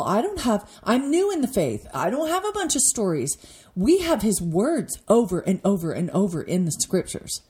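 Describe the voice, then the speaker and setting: A woman's voice: mid-range voice, warm tone. A woman in her forties giving an earnest devotional talk with a personal story, getting emotional at times. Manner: earnest, emotional, voice rising when moved. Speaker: podcast host teaching devotionally.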